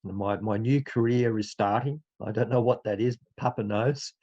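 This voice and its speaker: A man's voice: medium pitch, normal speed, dark tone, highs cut off. A man with an Australian accent, a teacher and church speaker, chatting in a friendly way over a video call and laughing easily. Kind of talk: casual chat.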